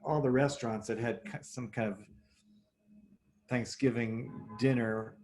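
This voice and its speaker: A man telling a story as a guest over a video call, wry and theatrical, with lively asides. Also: medium pitch, unhurried, a little hiss or hum. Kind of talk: anecdotal storytelling.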